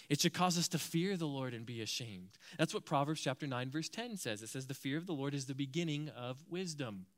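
A man preaching a sermon, animated, acting out quoted voices as he explains a passage. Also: a little high. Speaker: pastor.

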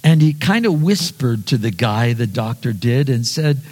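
Male pastor, earnest folksy sermon with questions to the pews, high-pitched, in a reverberant hall. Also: animated, unhurried, a little mellow. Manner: earnest and conversational, repeats words, asks the congregation questions.

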